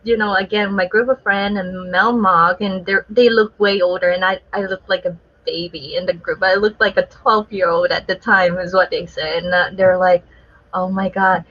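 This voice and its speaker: A woman's voice: on the low side, fairly even intonation, moderate pace. A woman guest artist telling a story in casual chat, laughing often as she talks. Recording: muffled lo-fi sound.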